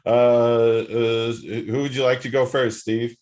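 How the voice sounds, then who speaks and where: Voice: mid-range voice, little pitch movement, slow pace, a little mellow, slight background noise. A co-host of a comedy battle on a video call, speaking hesitantly with many fillers.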